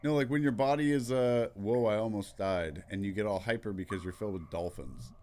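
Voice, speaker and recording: Low-voiced man reading game dialogue. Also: fairly quick, a little mellow. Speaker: let's play host.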